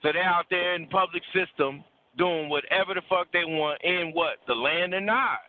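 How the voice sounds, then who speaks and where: This fairly high-pitched man sermonizes on relationships during a laid-back call-in segment, blunt and profane, hammering his points through repetition. The line is thin and phone-like with little low end, and his pace is moderate.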